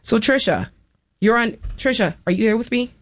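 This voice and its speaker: A woman hosting a public radio talk show from a studio, measured and slowing down for lists and phone numbers. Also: fairly high pitch, no room sound. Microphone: studio microphone.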